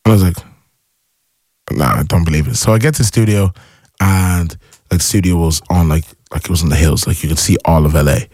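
Very deep-voiced young Irish-born man. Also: brisk, husky, no room sound, studio quality. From Ireland. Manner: excitable storyteller who acts out past reactions. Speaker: music artist guest. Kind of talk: casual interview chat.

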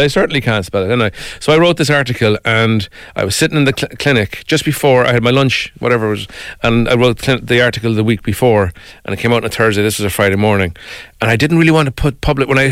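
A middle-aged Irish man telling personal stories as an interview guest, animated and emotional, often tagging on "right?". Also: medium pitch, fast, few pauses, clean tone, dry recording, clean studio sound. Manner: animated, emotional storyteller with many "right?" asides. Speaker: guest, former English teacher. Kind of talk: casual storytelling interview.

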